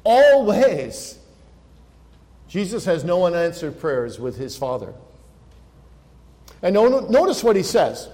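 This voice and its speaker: A man preaching a sermon as pastor, earnest, slowing and swelling when he quotes scripture. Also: a little high, sing-song, warm tone. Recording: long reverb of a large hall.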